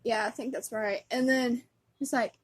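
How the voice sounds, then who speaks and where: A woman's voice: fairly high pitch, steady tone, moderate pace. A woman vlogger chatting casually as a fan, giggly and rambling, with lots of fillers.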